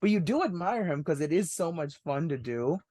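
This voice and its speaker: A man's voice: a little high, expressive, fairly quick, dark tone, no echo, clean studio sound. A young man hosting a film review podcast, chatting casually and enthusiastically, often laughing while he talks. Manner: enthusiastic, laughs while talking, says "one hundred percent". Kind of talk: casual movie review chat.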